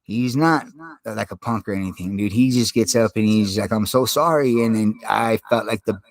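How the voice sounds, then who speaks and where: A man's voice: lowish voice, steady tone, a little fast, gravelly, dry recording, rough recording. A young man recorded on a desktop microphone at home, talking in a rambling, profane, streetwise way and calling the listener "dude.". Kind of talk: casual monologue vlog. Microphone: desktop USB microphone.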